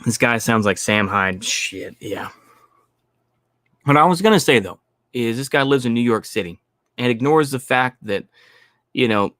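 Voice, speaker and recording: Man, stream host, mid-pitched, blunt and profane, repeats himself, dry sound. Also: fairly bright tone, no room sound. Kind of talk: ranting commentary.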